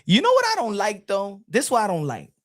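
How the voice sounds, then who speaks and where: Give me a lively New boxing podcast host who rants, curses and laughs. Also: mid-range voice, fast, no room sound, clean studio sound. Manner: animated, profane, laughs often, stumbles and restarts. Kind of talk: casual ranting commentary.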